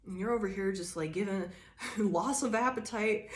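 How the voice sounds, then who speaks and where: A woman's voice: mid-range voice, moderate pace. A woman giving a casual, profanity-laced tarot reading to her viewers, drawling and loose with fillers. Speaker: tarot reader.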